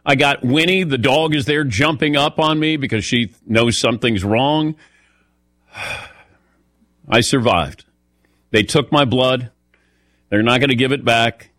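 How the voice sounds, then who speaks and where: A man's voice: mid-range voice, takes it slowly, pauses often, fairly bright tone, no echo, clean studio sound. A man hosting a sports radio show, telling a self-mocking story in casual chat while a little lightheaded.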